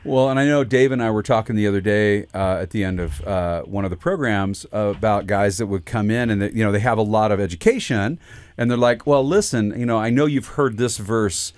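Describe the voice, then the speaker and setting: With a fairly low, steady, slightly mellow and clean voice, a man speaks a little fast as co-host of a pastors' discussion show. He rambles, often starts his sentences over, and steers questions toward his fellow hosts, all in a dry recording.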